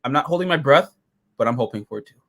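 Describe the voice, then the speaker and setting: Co-hosting a casual episode review, a man with a mid-range voice talks rapid-fire, swearing and getting excited as he slips into silly quoted voices.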